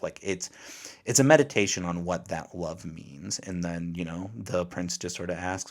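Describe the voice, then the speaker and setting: A man with a very low, deep voice chats casually as a podcast co-host. He retells scenes by slipping in short voiced quotes from the characters, loose and conversational. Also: normal speed. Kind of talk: casual chat recapping an anime.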